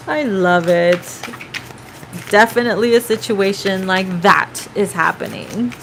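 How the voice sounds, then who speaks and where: A woman's voice: mid-range voice, lively intonation, measured pace, noisy background. A woman giving a casual tarot reading, chatty and profane, now and then breaking into snatches of song. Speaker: tarot reader.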